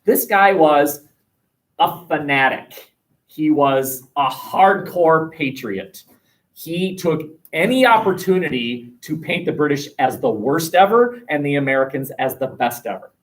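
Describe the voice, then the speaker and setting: A man teaching a history class, leading a discussion with students and telling jokes with lively voices. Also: fairly high pitch, unhurried, far from the mic, poor audio. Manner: animated, acts out a joke with big voices.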